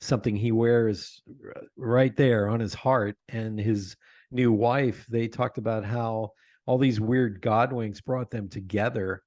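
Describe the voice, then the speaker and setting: Lively, dry-sounding man telling stories. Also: medium pitch, a little slow, no room sound. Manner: animated storyteller, laughs often. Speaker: podcast host, guest. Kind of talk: conversational interview.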